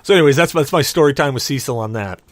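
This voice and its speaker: A young adult man, the podcast host, telling a rambling, animated story with lots of restarts. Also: mid-range voice, fast, no room sound. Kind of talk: casual storytelling.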